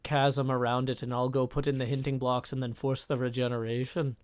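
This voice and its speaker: A fellow gamer talking in a wobbly mock-German accent that keeps slipping toward Irish, as a man puts him on. He pitches a casual deal in a loose, joking way. The voice sits at a middle pitch. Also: little pitch movement, a little fast, clean tone, dry recording, close to an everyday voice. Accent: mock German drifting Irish.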